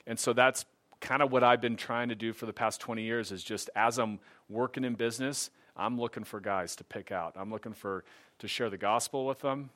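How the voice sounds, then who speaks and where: A man's voice: mid-range voice, steady tone, brisk, a bit bright. A middle-aged man telling a personal faith testimony in a casual, earnest way, livening up when he quotes other people.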